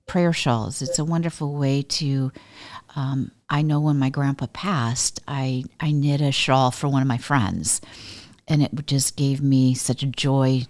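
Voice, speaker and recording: Chatty low-voiced woman host. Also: steady tone, unhurried, a little mellow. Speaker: podcast host. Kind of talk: casual podcast conversation.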